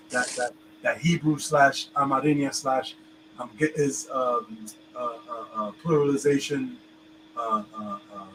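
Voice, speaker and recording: A man's voice: mid-range voice, sharp tone, a little hiss or hum, low-quality recording. Rambling man teaching casually. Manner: rambling, repeats "you understand me?". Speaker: host teaching Hebrew letters.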